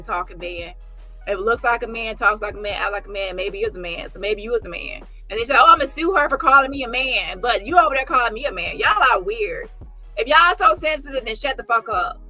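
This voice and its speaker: A woman's voice: mid-range voice, sharp tone. A woman hosting a commentary channel, reacting to a clip in a blunt, mocking way and laughing often. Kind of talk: reaction commentary on a live stream.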